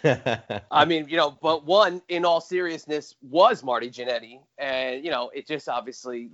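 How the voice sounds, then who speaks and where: A man of middle pitch rambling through long explanations in a casual podcast chat. The audio is dull and lo-fi. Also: fairly bright tone. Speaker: podcast guest. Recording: dull lo-fi sound.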